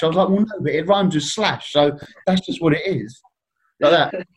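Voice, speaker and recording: A man's voice: a little high, fairly quick, slightly rough. Rambling man telling a story. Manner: rambling, self-deprecating, laughs often. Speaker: guest telling stories. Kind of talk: casual storytelling.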